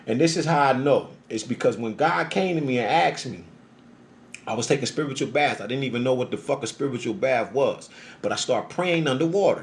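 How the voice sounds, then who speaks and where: A man telling a rambling, profanity-heavy personal story on a livestream, animated and emphatic, often acting out the voices he quotes. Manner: acts out voices in quotes, pitch jumping up. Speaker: social media livestreamer.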